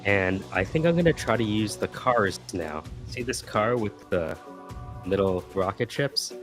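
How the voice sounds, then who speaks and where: A man's voice: on the low side, animated, a little slow, fairly bright tone. A man playing a location-finding game on a live stream, chatting casually and humming along to music. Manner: playful, hums along to music. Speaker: game player on a live show.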